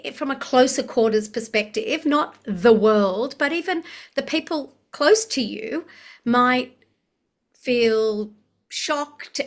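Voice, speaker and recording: A woman with a fairly high voice works as a life coach, leading a one-on-one session. She speaks gently and with measured care and calls her client honey.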